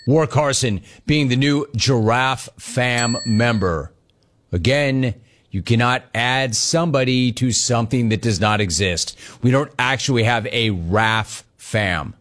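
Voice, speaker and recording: Animated, jokey male sports talk host. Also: mid-range voice. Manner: animated, jokey, bouncing between quick asides and drawn-out emphasis. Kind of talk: casual chat reading listener messages.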